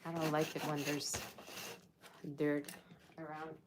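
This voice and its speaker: Low-voiced woman chatting on a livestream. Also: monotone, takes it slowly. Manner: chatty, reads viewer comments aloud. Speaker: tarot reader. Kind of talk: casual livestream chat. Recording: faint background noise.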